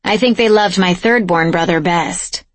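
A man's voice: high-pitched, moderate pace, no echo, lightly acted. A woman voicing a charming but dangerous male warrior who speaks with dry, bitter wit, in an audiobook. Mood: wry.

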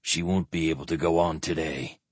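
A man reads as a grave, worried squire in a storybook reading, his voice dropped low and quiet. The tone is husky and breathy, close and dry with no room around it. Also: expressive, moderate pace, dry recording.

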